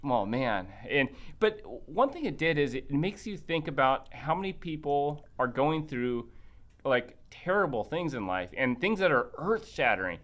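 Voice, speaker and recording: A man's voice: a little high, normal speed. Man telling a story on a podcast. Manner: animated, acts out quoted dialogue; many restarts and fillers. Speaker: podcast guest. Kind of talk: casual storytelling chat.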